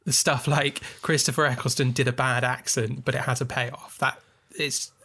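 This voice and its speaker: A man's voice: mid-range voice, level tone, normal speed, pushed and bright, breathy edge. A man co-hosting a film podcast, explaining his views at length with enthusiasm. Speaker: podcast co-host. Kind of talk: casual film discussion.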